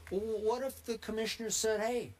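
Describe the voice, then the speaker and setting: A man hosting a sports debate show, building his argument point by point in a lively, pressing way. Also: medium pitch, moderate pace.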